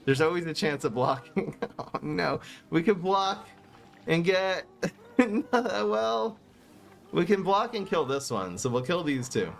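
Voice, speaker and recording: Male streamer, casual gameplay commentary, exasperated, fairly high voice, animated delivery. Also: slow pace, vocal fry. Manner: animated, swings between muttering and exasperated outbursts. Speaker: gaming streamer.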